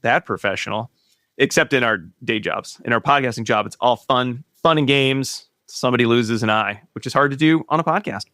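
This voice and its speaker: A man's voice: medium pitch, brisk, sharp tone, dry recording, studio quality. A man hosting a podcast in a casual, joking way, rambling a bit with restarts as he introduces a guest. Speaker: podcast host.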